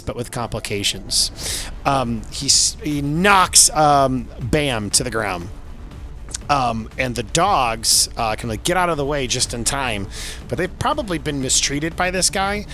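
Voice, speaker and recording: Bright-voiced male game master. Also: medium pitch. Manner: loose and chatty, many fillers, laughs often. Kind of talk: narrating a tabletop game.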